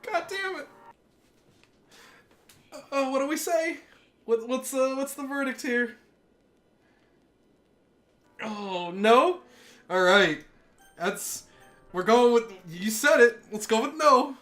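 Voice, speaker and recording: A man's voice: extremely high pitch, expressive, slow, long pauses, a bit bright, soft background music. A man playing a visual novel, making wry, joking asides in casual commentary. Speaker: let's player.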